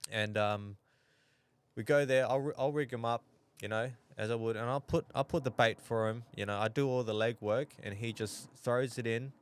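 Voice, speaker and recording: A young Australian man chatting casually as a podcast guest, halting and full of restarts. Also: mid-range voice, steady tone, clean tone. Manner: halting, many restarts and fillers. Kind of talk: casual chat.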